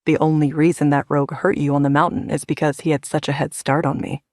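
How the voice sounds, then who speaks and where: A woman narrator voicing a confident, protective young male werewolf alpha, speaking in a firm, steady, lowered voice. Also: quick pace, no room sound, studio quality. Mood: earnest, firm.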